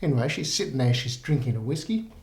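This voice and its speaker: A man giving a casual whisky tasting review in a relaxed, rambling way with many fillers. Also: medium pitch, fast talker, vocal fry. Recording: roomy echo.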